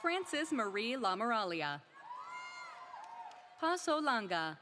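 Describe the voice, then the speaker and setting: High-voiced woman calling graduates' names. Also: very animated, slow, a crowd in the background, background noise. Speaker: commencement name reader. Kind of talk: reading graduates' names at a ceremony.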